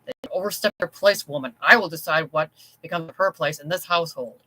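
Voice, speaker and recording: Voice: mid-range voice, a little fast, bright, forceful tone, rough recording. A reader voicing a cold, domineering wealthy man in an audiobook story, curt and icy.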